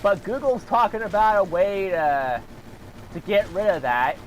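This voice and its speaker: A man's voice: high-pitched, animated, unhurried, slight background noise. A man delivering a heated, profane rant to camera, swearing often and throwing in sarcastic asides. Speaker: vlogger.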